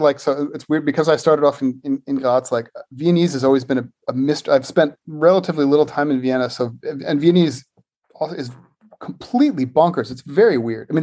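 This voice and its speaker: A man's voice: mid-range voice, a little mellow. Reflective man with a Philadelphia accent. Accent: Philadelphia-area American. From Philadelphia area, USA. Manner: reflective, many fillers and restarts. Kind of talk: casual conversation.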